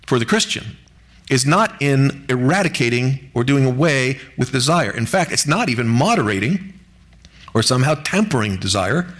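A man's voice: medium pitch, a bit bright. Earnest male pastor preaching. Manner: earnest, measured, rising emphasis on key words. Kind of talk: sermon.

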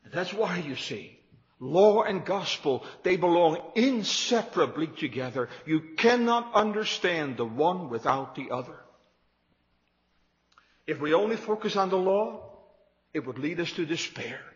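A man's voice: on the high side, expressive, unhurried, in a large hall, muffled recording. A man preaching a sermon to his congregation, emphatic and repetitive, building his points with rising emphasis. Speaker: pastor.

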